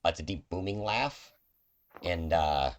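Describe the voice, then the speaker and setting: A man's voice: low voice, expressive, unhurried, a little hiss or hum. A man narrating as game master of a tabletop game, loose and full of fillers.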